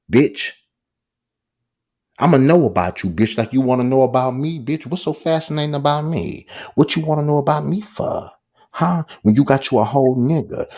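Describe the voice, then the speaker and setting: A man's voice: medium pitch, darkish tone, slightly rough. A man delivering a furious, profane, taunting livestream rant.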